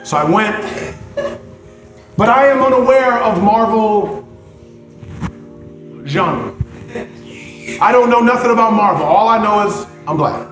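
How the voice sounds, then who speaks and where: A man preaching, telling a story with lively swings from loud exclamations to quiet prayer. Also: high-pitched, measured pace, pauses often. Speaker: pastor. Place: church sanctuary. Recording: echoey church hall with music behind.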